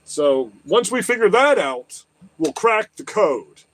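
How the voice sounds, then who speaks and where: High-voiced man ranting, swearing nonstop. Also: sing-song, takes it slowly. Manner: agitated, swears constantly, repeats questions. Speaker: livestream host. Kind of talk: profane political rant. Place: lives in southwest Florida.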